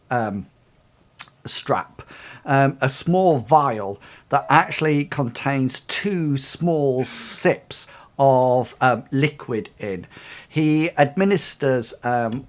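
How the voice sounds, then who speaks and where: A man narrating as game master of a tabletop game, hesitant, with many ums and restarts. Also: mid-range voice.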